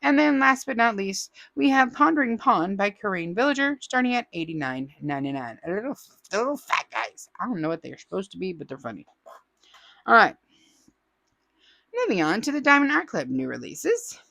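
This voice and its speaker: A chatty woman hosting a crafting channel and reading viewer comments aloud. Her pitch jumps around a lot as she trades playful, teasing asides. The sound is close and dry, with no room echo. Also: very animated, brisk, creaky, pushed and bright.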